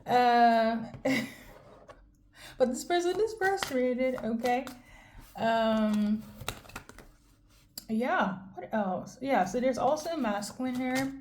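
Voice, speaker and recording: Woman, tarot reader, casual chat to camera, fairly high voice, keeps checking in with the viewer. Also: animated, slow pace, long pauses, a little mellow, a little hiss or hum. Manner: chatty, addresses viewer directly, frequent "okay?" check-ins; conversational and candid, occasional swearing. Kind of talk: casual intuitive card reading to camera.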